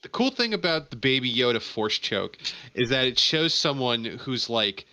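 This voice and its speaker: Male co-host with a bright tone, excitable, dry close mic, casual podcast chat. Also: medium pitch, normal speed, dry recording. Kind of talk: casual gaming podcast banter.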